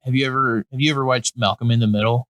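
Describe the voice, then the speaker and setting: Man, young adult, comedy podcast co-host, rambling, laughs a lot, middle pitch, dry recording. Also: fairly even intonation, quick pace, fairly bright tone, dry recording, poor audio. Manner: rambling, laughs often, swears freely. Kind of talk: casual comedic chat.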